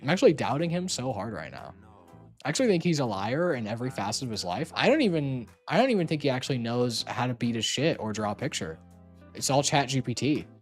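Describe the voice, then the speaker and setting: Rambling streamer with lively, jumpy pitch. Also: fast talker, soft background music. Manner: rambling, playful teasing, frequent filler words. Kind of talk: casual chat on a call while streaming.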